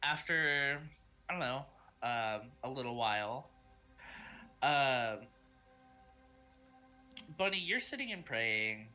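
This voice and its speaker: A man's voice: mid-range voice, animated, slow, pauses often, pushed and bright, clear, resonant tone, soft background music. A man narrating as game master over online voice chat, hesitant and full of ums and uhs.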